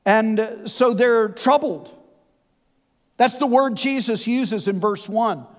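A man preaching a sermon, folksy and animated with conversational asides. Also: high-pitched, takes it slowly. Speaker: pastor. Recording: long hall reverb.

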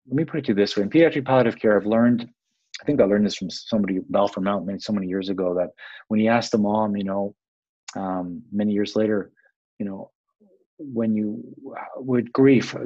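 A man's voice: on the low side, warm tone, breathy edge, no echo, lo-fi sound. A man who works as a palliative care doctor, answering interview questions in a reflective way, with many restarts and "you know" fillers.

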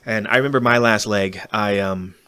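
A man hosting a casual conversation, telling lively stories about a relay race. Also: fairly low pitch, normal speed, smooth, no echo. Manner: lively storyteller recounting a race.

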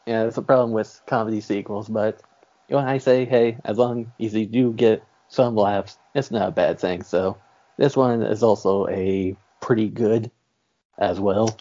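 A man's voice: fairly low pitch, steady tone, a little slow, warm tone, highs cut off. A man hosting a casual movie podcast, talking in an easygoing way and wrapping up the episode. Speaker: podcast host. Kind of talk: casual chat.

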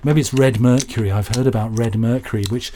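A man's voice: medium pitch, fairly even intonation, brisk, dark tone, a little hiss or hum. A man from Yorkshire co-hosting a casual radio show, rambling and joking as he reads out listener mail. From Yorkshire, England. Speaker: radio co-host.

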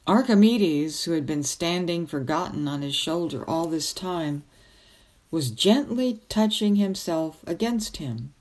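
A woman reading a novel aloud as a storyteller, with gentle, even narration. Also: lowish voice, unhurried.

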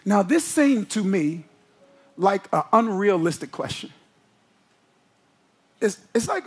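Husky high-voiced preacher man. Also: very animated, slow pace, long pauses. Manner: swings from hushed intensity to loud emphatic preaching, laughs often. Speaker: pastor. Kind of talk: sermon.

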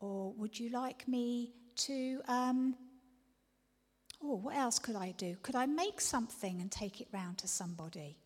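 A woman with a fairly high, husky voice preaches a sermon unhurriedly, the recording carrying the long reverb of a large hall. Earnest, she often drops to a whisper before emphatic declarations.

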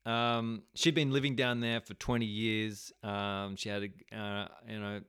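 A man's voice: on the low side, little pitch movement, unhurried, fairly bright tone, smooth, no room sound, studio quality. Laid-back Australian man telling a story. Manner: rambling, many fillers, swears freely. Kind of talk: casual storytelling.

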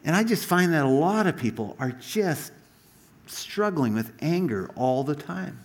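A man's voice: a little high, a little slow. Guy preaching, voice jumps all over, chatty stories, keeps restarting his sentences. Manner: animated storytelling, frequent restarts and asides. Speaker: pastor. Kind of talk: sermon.

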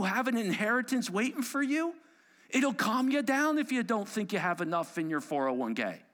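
A middle-aged man preaching from the pulpit with a high, bright voice. His pitch leaps around as he builds into declarations, then drops to a hush. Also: big pitch swings, moderate pace. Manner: emphatic preaching, swinging from loud declarations to hushed whispers. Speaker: pastor. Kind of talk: sermon.

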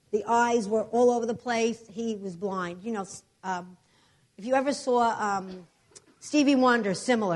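Emphatic woman preacher telling healing stories. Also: medium pitch. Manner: emphatic, animated storytelling with repeated declarations. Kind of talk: sermon with healing testimonies.

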